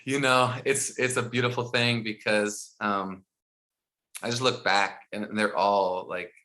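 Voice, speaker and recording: A middle-aged man telling animated stories as a podcast guest, acting out dialogue and laughing as he goes. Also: lowish voice, a little slow. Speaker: guest, founder of a school mindfulness program. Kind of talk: storytelling in a podcast interview.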